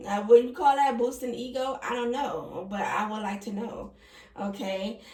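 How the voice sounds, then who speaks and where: A woman's voice: medium pitch, darkish tone. A young woman reading tarot cards in a casual, emotional way, often laughing. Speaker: tarot reader. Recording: echoey room, voice from a distance.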